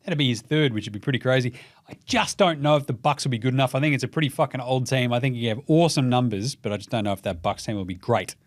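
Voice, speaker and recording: A young Australian man hosting a casual basketball show, talking fast and loose with lots of swearing and mocking impressions. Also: mid-range voice, no echo, clean studio sound. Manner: profane, animated, mocking impressions. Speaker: podcast host. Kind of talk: casual sports commentary.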